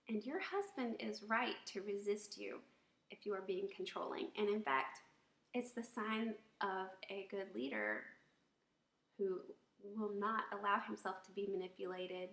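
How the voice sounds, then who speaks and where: A woman's voice: medium pitch, vocal fry, fairly bright tone. Woman advising wives on tone; demos each phrase; roomy echo. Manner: demonstrates tones by acting out examples. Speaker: marriage advice speaker. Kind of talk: instructional talk to wives.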